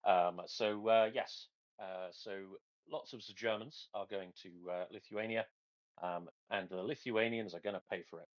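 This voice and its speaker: A man hosting a casual online chat, joking with dry sarcasm and halting restarts, heard over a dull lo-fi call. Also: on the low side, fairly even intonation, dry recording. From England. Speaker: podcast host.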